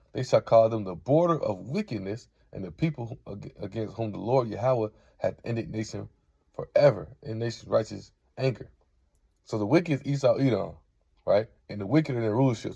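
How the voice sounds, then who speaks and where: This man teaches the Bible casually, reading passages out and dropping "right?" after most points. His voice is on the low side and warm, with some vocal fry, captured in a dry recording.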